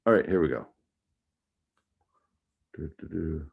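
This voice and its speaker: Deep-voiced man teaching music theory. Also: animated, slow, creaky, pauses often, husky. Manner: casual, hums and scats the melodies. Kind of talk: recorded online lecture. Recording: dull lo-fi audio.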